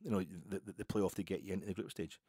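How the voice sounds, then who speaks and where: A man's voice: sits low, steady tone, fast, mellow, husky, no echo, studio quality. A man in his fifties with a Scottish accent, hosting a solo football podcast in a rambling, wry way that keeps correcting itself. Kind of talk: casual solo podcast chat.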